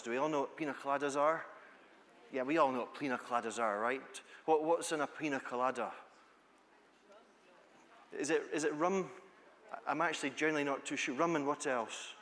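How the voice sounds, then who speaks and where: A man's voice: medium pitch, brisk, a bit bright. Scottish man telling stories in a hall. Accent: Scottish, east coast. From Scotland. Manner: playful, chatty, asks the audience questions. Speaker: conference speaker, teacher trainer. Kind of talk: storytelling talk to an audience. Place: large conference hall. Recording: long hall reverb.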